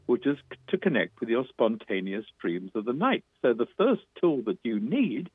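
A man with a New York accent, an author and dream teacher, explaining fervently and fast as an interview guest, with frequent restarts. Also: mid-range voice, sing-song, breathy edge, no echo. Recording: tinny phone line.

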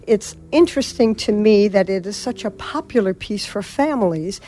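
Woman, theater director, measured and reflective, radio interview guest. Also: mid-range voice, lively intonation, warm tone.

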